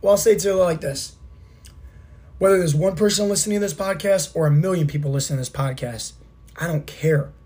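Hoarse man giving a motivational talk. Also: on the high side, a little fast, a little mellow. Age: 30s. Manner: emphatic, repeats rhetorical questions and "right?". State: hoarse, sore throat. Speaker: podcast host and fitness coach. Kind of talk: motivational podcast monologue.

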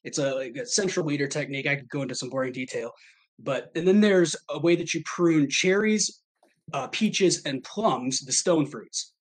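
A man's voice: on the high side, moderate pace, husky. A man in his thirties from Michigan, chatting as a podcast guest in a rambling, self-deprecating way, laughing often. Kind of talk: casual chat.

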